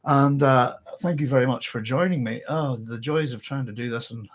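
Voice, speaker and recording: A man's voice: mid-range voice, moderate pace. Apologetic Northern Irish man, slightly breathless. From Northern Ireland. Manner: apologetic, chatty, self-interrupting. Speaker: book club host. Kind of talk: casual live-stream chat.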